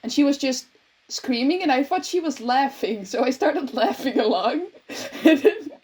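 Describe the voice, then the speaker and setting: Young woman with a high voice, casual account, chuckles often. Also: expressive, measured pace, darkish tone. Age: young adult. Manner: chuckles through her account. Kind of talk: casual recounting to camera.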